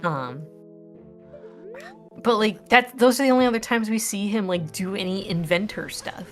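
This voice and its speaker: A woman chatting casually with a friend during a stream, quick and animated, full of fillers and jokes. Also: medium pitch, soft background music. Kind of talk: casual chat.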